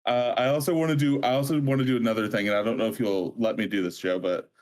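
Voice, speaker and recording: A man's voice: medium pitch, steady tone, quick pace, darkish tone. Chatty male player in a casual tabletop game, mid-range voice. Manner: chatty, laughs while describing his character.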